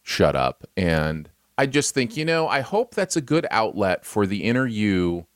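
A man's voice: fairly low pitch, measured pace, no room sound, clean studio sound. A man co-hosting a casual livestream chat, playful and teasing his co-host. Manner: playful, teasing, animated intonation. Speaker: podcast co-host.

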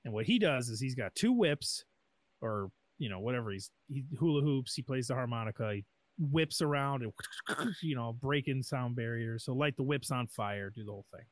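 A man, co-hosting a podcast and telling a lively, jokey story in casual chat, acting out quotes. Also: medium pitch, moderate pace. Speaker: podcast co-host.

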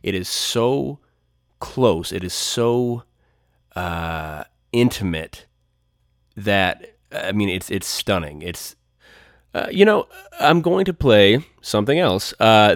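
A man's voice: fairly low pitch, no room sound, studio quality. A man hosting a solo music podcast, talking enthusiastically and in superlatives. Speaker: podcast host.

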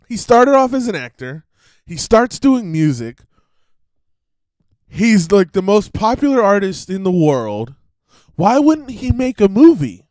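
A man's voice: high voice, darkish tone, no room sound. A man hosting a show, giving rambling casual commentary and laughing between thoughts. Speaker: podcast host.

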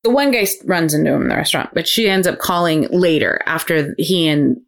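Woman, comedy podcast co-host, low voice, animated swings, casual brainstorming. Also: brisk, vocal fry. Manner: animated, slips into acted character voices.

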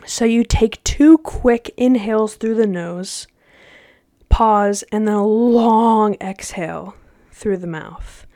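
Young woman chatting on her own podcast, slangy, upbeat, mid pitch, dry mic. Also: slow, no room sound. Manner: chatty, slangy, animated with laughs. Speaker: podcast host. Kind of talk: casual solo podcast chat.

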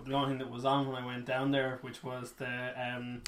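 A man's voice: mid-range voice, monotone, a little fast, a bit bright, a little hiss or hum. Wry male co-host in an echoey room. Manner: wry, laughs through his stories. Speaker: podcast co-host. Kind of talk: casual gaming podcast chat.

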